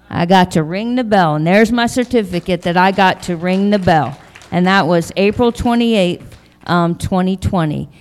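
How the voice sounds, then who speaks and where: Slow, emotional woman giving testimony in a hall. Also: lowish voice, a little mellow. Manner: halting, emotional, repeats phrases. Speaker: church member sharing testimony. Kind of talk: personal testimony.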